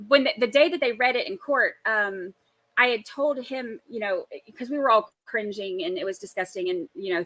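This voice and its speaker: A woman's voice: mid-range voice, no echo, poor audio. A woman, co-hosting a casual livestream and laughing often as she chats. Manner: giggly, chatty, laughs loudly. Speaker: co-host.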